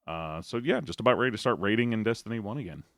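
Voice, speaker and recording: A man chats as a podcast guest in an easygoing way, letting sentences trail off. His voice is on the low side. The recording is dry. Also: lively intonation, quick pace, fairly bright tone, dry recording. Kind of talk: casual chat.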